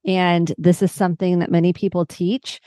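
Animated psychotherapist woman, low voice. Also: moderate pace, no echo. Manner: animated, acts out clients' voices. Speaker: psychotherapist guest. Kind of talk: conversational podcast interview.

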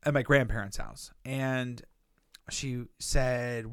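A man's voice: mid-range voice, steady tone, a little slow, fairly bright tone, smooth, no room sound, studio quality. Profane rambling man telling stories. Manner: rambling profane storyteller who acts out quotes. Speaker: podcast co-host. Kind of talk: casual podcast chat.

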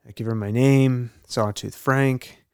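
Gravelly middle-aged guy telling a story on a podcast, dry close mic. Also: medium pitch, takes it slowly, no room sound. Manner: animated, plays out dialogue. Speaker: podcast co-host. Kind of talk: casual storytelling.

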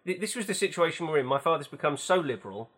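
A man's voice: fairly high pitch, lively intonation, fast talker, a bit bright, husky. A man co-hosting a casual film chat, telling stories in a chatty, wry way with the odd swear word. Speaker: podcast co-host.

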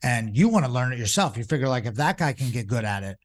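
Speaking at a quick pace with a sing-song, medium-pitched voice, a forties-aged man who teaches jiu-jitsu rambles through casual stories. He uses lots of fillers and keeps restarting his sentences.

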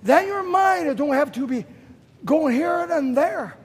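A man preaching a sermon, emphatic and repeating phrases for stress, with sudden loud bursts. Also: very high voice, lively intonation, slow.

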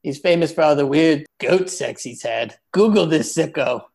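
A man hosting a comedy roast podcast, mocking guests with big swings between loud jabs and muttered asides. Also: a little high, moderate pace, creaky.

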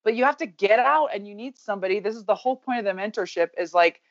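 A woman in her thirties speaks with blunt, fast-moving energy and casual swearing, a guest in an open conversation. Her voice sits at a middle pitch. The sound is dry and a little dull, as on a lo-fi recording. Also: no echo. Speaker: guest, baseball coach. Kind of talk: candid podcast conversation.

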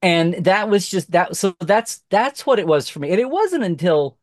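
A middle-aged man from Oklahoma, a podcast guest, telling a lively story in casual chat, acting out quoted voices with many restarts. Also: sits high, moderate pace, no echo, clean studio sound.

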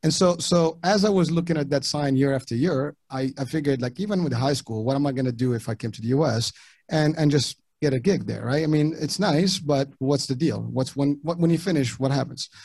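A middle-aged man from Morocco, whose first languages were French and Arabic, talking casually as an interview guest in halting sentences with many restarts. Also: medium pitch, darkish tone, slightly rough, no room sound. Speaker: podcast guest.

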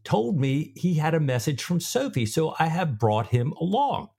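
A man voicing Stephen, a calm gentleman breaking strange news softly, in a measured way while reading a novel aloud. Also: fairly high pitch, gravelly, slightly rough, voice pushed up, heavily acted. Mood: confiding.

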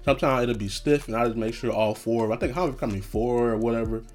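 A young man talks loosely to his listeners in a relaxed, profane ramble, breaking into laughter now and then. His voice sits at an ordinary pitch for a man, with faint music playing under the talk. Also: quick pace. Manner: laid-back, profane, laughs often. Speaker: podcast host. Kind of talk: casual solo chat.

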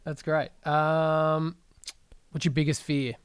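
A man hosting a podcast, asking quick questions in a relaxed way and swearing casually. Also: a little high, clear, resonant tone, no echo. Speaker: podcast host. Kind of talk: casual interview chat.

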